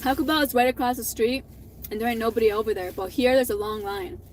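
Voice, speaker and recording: A woman's voice: fairly high pitch, quick pace, slight background noise, low-quality recording. A young adult woman telling a personal story in a casual vlog, candid and profane, laughing now and then. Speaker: vlogger.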